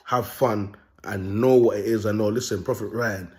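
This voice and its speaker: A man's voice: fairly low pitch, moderate pace. A young man telling a story in a casual monologue, full of street slang and constant check-ins with his listeners. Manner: streetwise slang, animated, often asks "you get me". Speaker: self-styled prophet vlogger.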